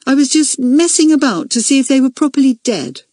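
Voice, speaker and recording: A woman voicing a young schoolgirl who answers in a clear, decisive voice. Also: high voice, big pitch swings, fairly quick, a little mellow, dry recording, studio quality, pitched above the performer's own voice. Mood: defiant. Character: young girl, accused schoolgirl, defiant.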